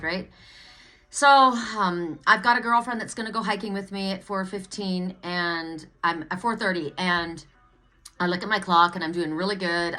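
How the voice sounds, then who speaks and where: A woman reading oracle cards at home, telling a rambling personal story with sudden loud exclamations. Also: mid-range voice. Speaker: oracle card reader. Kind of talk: casual spiritual storytelling.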